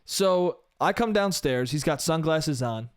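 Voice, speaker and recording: A man's voice: fairly high pitch, lively intonation, unhurried, no room sound, clean studio sound. A young man hosting a solo podcast, telling a story in a casual, profane style full of "bro" and "dude".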